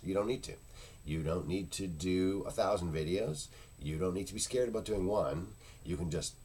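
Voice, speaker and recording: A man with a low, darkish voice reviews internet marketing products on video, talking casually without a script. He rambles and hunts for words, using lots of fillers, and there's a little hiss or hum in the recording.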